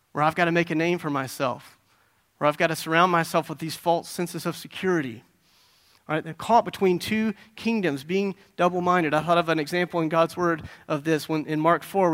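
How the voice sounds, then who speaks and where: A man preaching a sermon, telling stories with acted-out voices and asking his listeners questions. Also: fairly high pitch. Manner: animated storytelling, acting out voices, asking the audience questions. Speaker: pastor.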